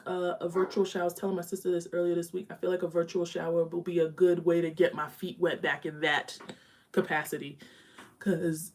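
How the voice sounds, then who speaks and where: A young woman with a slightly low voice chats her way through a live makeup session from home. She is candid and easygoing, talking while she blends eyeshadow. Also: a little mellow. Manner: chatty, candid, talks while applying makeup. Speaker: beauty vlogger. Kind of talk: casual live makeup chat.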